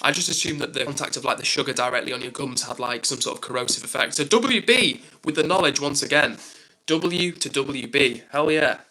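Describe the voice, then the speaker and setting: Bright-voiced rambling English streamer man. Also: medium pitch, fairly quick, rough recording. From England. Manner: rambling, filler-heavy, upbeat. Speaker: live streamer host. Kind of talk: casual live-stream chat, reading viewer comments.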